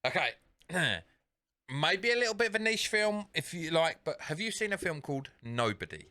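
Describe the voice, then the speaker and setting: Bright-voiced sweary man. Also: fairly high pitch, very animated, moderate pace. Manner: sweary, rambling film retelling with filler words. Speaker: podcast co-host. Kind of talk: casual chat.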